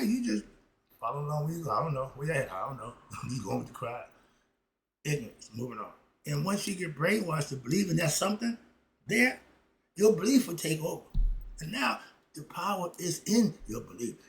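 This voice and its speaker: A man's voice: on the high side, gravelly. Fiery, emphatic man ranting solo. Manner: fiery and emphatic, swings from loud outbursts to muttered asides, laughs between points. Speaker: commentary vlogger. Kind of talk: unscripted opinion monologue.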